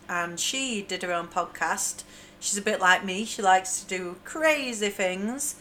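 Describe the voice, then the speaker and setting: A woman hosting her own podcast, chatting casually, excitable and poking fun at herself. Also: mid-range voice, slight background noise. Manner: chatty, excitable, self-mocking. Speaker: podcast host. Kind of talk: casual solo podcast chat.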